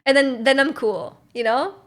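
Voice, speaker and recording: A woman's voice: high voice, moderate pace. A young woman from Canada, streaming and chatting casually while reading viewer messages, rambling with lots of fillers and giggly asides.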